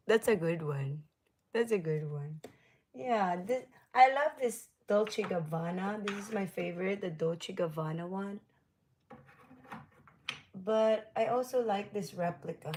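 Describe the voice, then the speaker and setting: A woman hosting a casual livestream, chatting with viewers, laughing often and sometimes dropping into a soft whisper. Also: mid-range voice, slow, pauses often. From United States. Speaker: livestream host.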